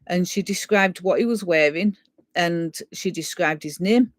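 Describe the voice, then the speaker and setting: A woman's voice: fairly low pitch, a little slow, dry recording. A woman telling a ghost story in a casual, chatty way, retelling what everyone said. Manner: chatty, retells dialogue at length, frequent "so" and "and he said". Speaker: guest sharing a ghost story.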